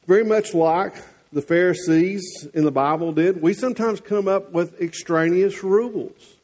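A man's voice: high voice, a little slow, a little mellow. A man with a Southern US accent preaching a sermon as the church's pastor, folksy and teasing one moment, earnest the next.

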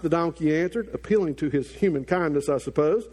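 A middle-aged male pastor preaching a sermon, telling a story with lively acted-out quotes and asides to the congregation. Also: on the high side, moderate pace.

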